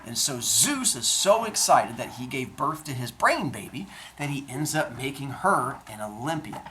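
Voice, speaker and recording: Male teacher, playful myth storyteller; lively pitch, far from the mic, faint room hiss. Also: moderate pace. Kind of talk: animated myth storytelling to a class. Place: classroom. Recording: roomy classroom, from a distance.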